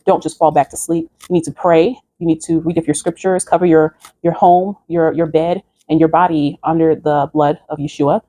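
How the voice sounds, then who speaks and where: A woman recounts a dream in an earnest, preaching manner, speaking in a mellow, darkish voice set a little low. The sound is dry and close, with no room around it. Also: no room sound. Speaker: video creator. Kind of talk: recounting a dream, spiritual vlog.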